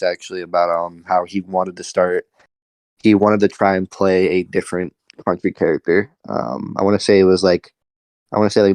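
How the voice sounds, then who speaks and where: A man's voice: low voice, darkish tone, no echo. A man in casual podcast chat, hesitant with many restarts. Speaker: podcast guest.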